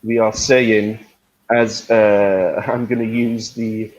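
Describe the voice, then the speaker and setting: A man teaching business English, explaining slowly and checking in with the learner. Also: fairly low pitch, flat delivery, a little mellow, dull audio. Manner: joking, checks understanding with "yes?". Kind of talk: friendly lesson explanation.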